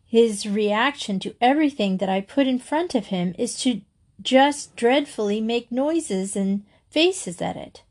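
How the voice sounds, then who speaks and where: A woman's voice: a little high, expressive, measured pace, a little mellow. A woman reading aloud and voicing a worried, exasperated mother in a storybook. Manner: fretful, exasperated. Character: worried mother of a picky-eating boy.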